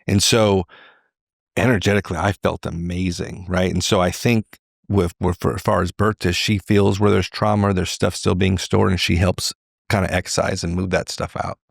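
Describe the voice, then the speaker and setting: A middle-aged man, a podcast guest, telling a candid personal story in an animated way. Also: low voice, normal speed, vocal fry, dry recording, clean studio sound. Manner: animated, acts out quoted voices.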